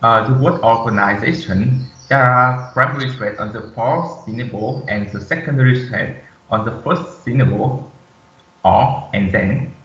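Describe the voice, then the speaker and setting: A young man reads a class presentation off slides, halting and dotted with fillers. He sits back from the mic in an echoey room, and the sound is dull and muffled. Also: mid-range voice, a bit bright, far from the mic. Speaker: student presenter.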